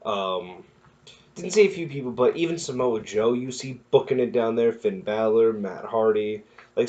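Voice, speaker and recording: Young man, casual recap, excitable, rambling, self-correcting, medium pitch, dull lo-fi sound. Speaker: wrestling recap vlogger. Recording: muffled lo-fi recording.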